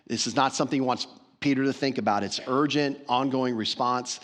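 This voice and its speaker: A man's voice: medium pitch, a little fast, a bit bright. A man preaching a sermon as pastor, earnest and emphatic, repeating phrases for stress. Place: church sanctuary.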